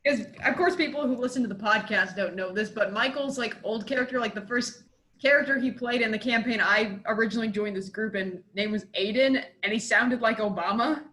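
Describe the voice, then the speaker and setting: A woman chatting on a casual podcast, with a voice pitched a bit above average. She rambles along with plenty of fillers in a loose, friendly way. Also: brisk, fairly bright tone. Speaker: podcast guest and tabletop player.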